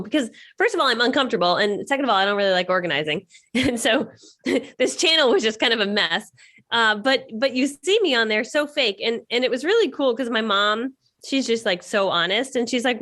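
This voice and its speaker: A woman's voice: fairly high pitch, lively intonation, fairly quick, fairly bright tone. A woman talking as a podcast guest in a casual, chatty interview, upbeat and laughing often. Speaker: podcast guest, network marketing trainer.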